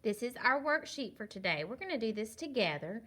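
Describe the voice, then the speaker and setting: A woman's voice: fairly high pitch, big pitch swings, a bit bright. A woman teaching young children a phonics lesson for a virtual class, patiently sounding out short words and praising them. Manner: slow, drawn-out sounding out of words. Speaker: kindergarten teacher.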